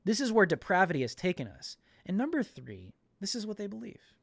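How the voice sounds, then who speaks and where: An indignant man hosting a commentary podcast, pressing his points with emphatic repetition. His voice sits on the higher side for a man. The sound is dry and close, with no room echo. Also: wildly swooping pitch, a little fast, vocal fry, fairly bright tone. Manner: indignant, emphatic, repeats words. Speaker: podcast host.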